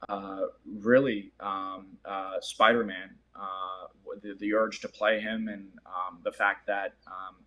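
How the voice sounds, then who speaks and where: A man speaks as an interview guest in a casual, hesitant style. His voice sits slightly low and stays fairly even in pitch. He leans on frequent fillers and restarts as he gathers his thoughts. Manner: halting, many fillers and restarts.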